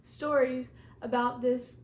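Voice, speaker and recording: A young woman casually telling family ghost stories on a vlog, giggly and animated. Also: high-pitched, slow pace. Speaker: vlogger, co-host. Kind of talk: casual storytelling. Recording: roomy echo.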